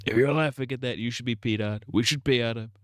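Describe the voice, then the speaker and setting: A man's voice: mid-range voice, fairly even intonation, fast talker, no room sound, studio quality. A young man rambling crude jokes on a casual gaming livestream. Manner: crude, rambling, giggly banter.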